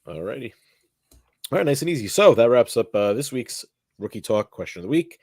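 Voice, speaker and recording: A man co-hosting a live podcast, relaxed as he moves the talk from one segment to the next. His voice sits at a middle pitch for a man. He is recorded close up with almost no room sound. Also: a little fast, no room sound. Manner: easygoing, steers the segments. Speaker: podcast co-host. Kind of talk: casual chat.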